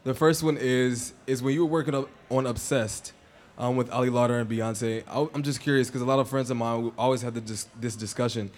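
Guy from chicago in the audience, eager, bit stumbly, normal pitch. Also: fairly even intonation, a little fast, a little mellow, a little hiss or hum. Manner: eager, stumbling a little over words. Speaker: audience member asking a question. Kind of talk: audience question.

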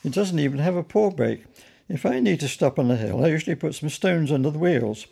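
An earnest young bear with a gravelly, husky edge and a mellow tone, taking every remark at face value, as a man reads him out. He sounds polite and keen in a storybook reading. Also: a little high, lively intonation, fairly quick, pitched above the performer's own voice, exaggerated voice. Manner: earnest and literal-minded.

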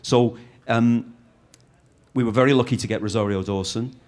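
A middle-aged man from Britain talks through his films as an interview subject. He rambles, breaks off and restarts his sentences, and keeps up a lively flow. His voice sits at an ordinary pitch for a man. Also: normal speed. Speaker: film director. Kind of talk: interview answers.

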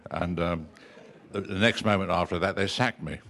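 Older man, very deep voice, relaxed self-mocking raconteur. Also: normal speed, noisy background. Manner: self-deprecating, chuckling storyteller. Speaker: interview guest. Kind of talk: relaxed anecdotal chat.

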